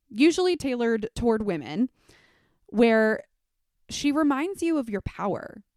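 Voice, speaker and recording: Candid young woman host, smooth voice, dry close mic, reflective and chatty. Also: medium pitch, darkish tone, no room sound. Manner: candid, reflective, with frequent fillers. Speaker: podcast host; teacher. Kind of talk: casual solo podcast talk.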